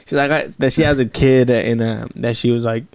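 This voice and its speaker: A young man hosting a podcast in a relaxed, loose way, swearing freely and often restarting his sentences. His voice sits in a middle register and is recorded dry and close. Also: medium pitch, fairly quick, clean tone, no echo. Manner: relaxed, swears freely, frequent backchannel yeahs. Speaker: podcast host. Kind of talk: casual podcast chat.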